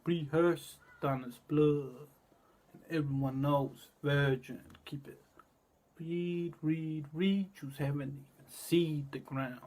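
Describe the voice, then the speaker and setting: A man delivering a rambling, cryptic monologue, repeating words and drifting between low murmurs and loud bursts. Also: fairly even intonation, slow.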